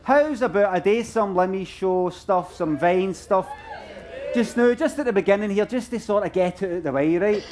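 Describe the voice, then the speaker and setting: A man's voice: sits high, normal speed, darkish tone. A man with a Glaswegian accent, a comedian bantering with a live audience in a chatty, self-mocking way before reading his stories. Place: festival stage with live audience. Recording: live stage mic, audience and room noise.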